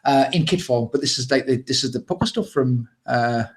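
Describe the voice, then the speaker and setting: A British man co-hosting a live show, chatting casually and excitedly, rambling with fillers and laughs. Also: mid-range voice, brisk. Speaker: co-host.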